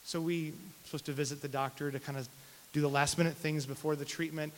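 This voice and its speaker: A man telling a personal testimony story in an animated, self-deprecating way, often repeating his words. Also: on the high side, fast talker. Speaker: speaker sharing a personal testimony. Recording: long hall reverb, faint hiss.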